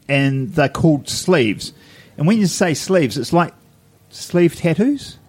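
A man's voice: a little high, sing-song, takes it slowly, darkish tone, no echo. A man, co-hosting a podcast in casual chat, rambling and laughing at himself. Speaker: podcast co-host.

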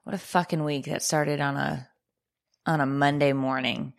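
A woman co-hosting a podcast, telling an exasperating story in a casual, profane, deadpan-sarcastic way. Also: low voice, normal speed, creaky. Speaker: podcast co-host.

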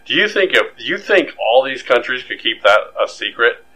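A man co-hosting a podcast in casual chat, animated and joking, talking in loose, restarting sentences. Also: medium pitch, moderate pace, a little hiss or hum, rough recording. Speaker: podcast co-host.

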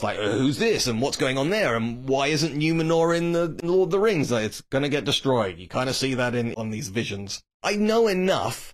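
A man talking in a casual, opinionated monologue, his pitch swinging up and down as he makes his points. He is blunt and waves away the views he dislikes, with a middle-pitched voice. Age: adult, grew up reading Tolkien. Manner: blunt, opinionated, dismissive asides. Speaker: TV series commentator.

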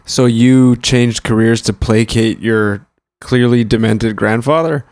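A man's voice: mid-range voice, steady tone, takes it slowly, a little mellow. A man from Canada trading sardonic, profane jokes in improvised comedy banter.

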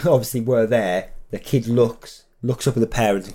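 A man's voice: medium pitch, fairly even intonation, moderate pace, warm tone. A young man, podcast co-host, chatting casually and telling anecdotes in an easygoing way, laughing as he goes. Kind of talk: casual chat and storytelling.

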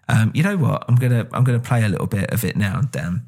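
A man's voice: fairly low pitch, fairly quick, creaky, few pauses, darkish tone, breathy edge. A man with a British accent chatting casually on a podcast, rambling with lots of fillers and casual swearing. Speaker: podcast co-host. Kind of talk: casual chat.

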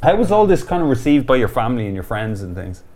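A man hosting a podcast, asking questions in a relaxed, chatty way. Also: medium pitch, quick pace. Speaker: podcast host. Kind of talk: casual interview chat.

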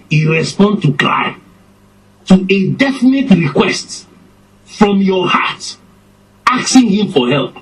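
Slow, husky-voiced male preacher. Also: sits high, sing-song, poor audio. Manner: slow, emphatic, rising and falling for effect. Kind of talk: sermon.

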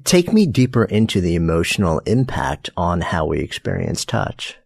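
A man's voice: deep voice, very animated, normal speed, vocal fry, breathy edge, dry recording, studio quality. A man hosting an interview, asking thoughtful questions with frequent restarts. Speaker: interview host. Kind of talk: conversational interview.

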